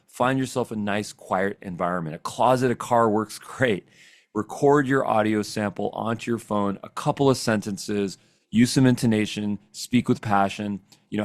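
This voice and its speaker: A man giving a casual, upbeat screen-share software tutorial, chatty and often checking in with "okay?". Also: fairly low pitch, no echo. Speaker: software trainer. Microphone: desk microphone.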